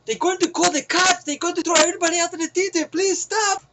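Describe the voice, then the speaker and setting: A man putting on the voice of a young man begging two others to stop fighting, high and frantic, over background hiss. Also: steady tone, fast talker. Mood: pleading.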